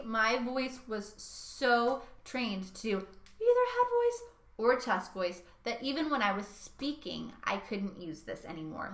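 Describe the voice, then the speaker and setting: A young woman teaching a singing lesson, lively and hands-on, trying out each sound with her own voice. Her tone is bright and ringing, pitched a little high. The room around her is echoey. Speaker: vocal coach.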